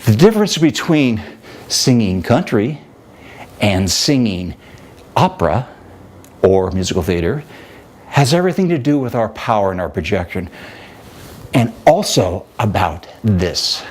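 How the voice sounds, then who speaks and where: Animated male vocal coach. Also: fairly low pitch, unhurried, long pauses. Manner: animated, demonstrative, conversational teaching. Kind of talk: instructional talk with vocal demonstrations.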